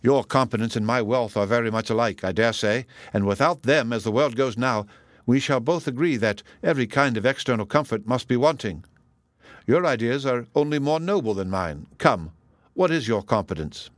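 A level-headed young woman, as read by a man, measured and lightly teasing. The voice sits only a little above his own, dry and close. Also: medium pitch, animated, no echo, lightly acted. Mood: composed. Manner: measured and wry. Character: sensible, composed young woman, gently teasing. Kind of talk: audiobook character reading.

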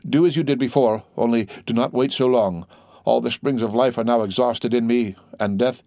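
A man's voice: medium pitch, fairly even intonation, normal speed, warm tone, dry recording, natural voice. Dying old priest, weak and fading, slipping to a whisper in a dry close read, as the male reader puts him on. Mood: weak, urgent. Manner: faint, fading, at times whispered.

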